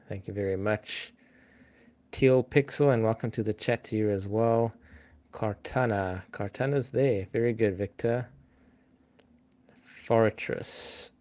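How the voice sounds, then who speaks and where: A man's voice: mid-range voice, warm tone. A man hosting a live-stream trivia game in a casual, chatty way, thinking aloud and greeting viewers by name.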